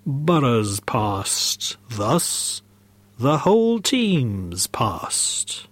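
A man voicing the Ghost of Christmas Past, a solemn male spirit, speaking slowly and portentously, with a husky voice. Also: mid-range voice, wildly swooping pitch, dry recording, heavily acted. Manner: slow, drawn-out, portentous.

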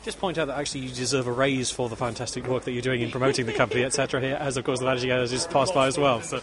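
A man's voice: mid-range voice, level tone, very fast, a crowd in the background. A man hosting a roving show interview, chatty and rambling with jokes. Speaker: show host.

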